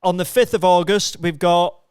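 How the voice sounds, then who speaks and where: A man co-hosting a podcast, talking eagerly and enthusiastically and thinking out loud. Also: sits high, fairly even intonation, normal speed, clear, resonant tone, dry recording, clean studio sound. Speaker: podcast co-host. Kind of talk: casual podcast chat.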